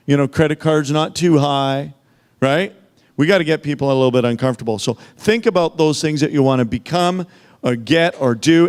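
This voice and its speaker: A man's voice: a little high, smooth. A man giving a motivational sales training, emphatic and full of rhetorical questions, speaking into a handheld microphone. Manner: emphatic, peppered with rhetorical "okay?" and "right?".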